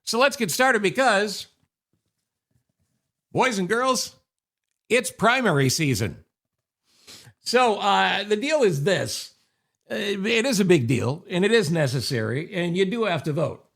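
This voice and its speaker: A man's voice: sits high, sing-song, takes it slowly, gravelly, long pauses, a bit bright. An older man from upstate New York hosting his podcast in a chatty, wry monologue from his office, full of sarcastic asides. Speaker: podcast host. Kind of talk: casual monologue. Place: home office.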